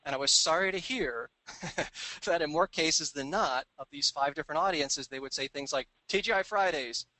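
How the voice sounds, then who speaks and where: A middle-aged man giving a business talk, telling stories and acting out the dialogue in quick voices. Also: fairly high pitch, pushed and bright, no room sound, poor audio. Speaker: business speaker. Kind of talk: recorded seminar talk.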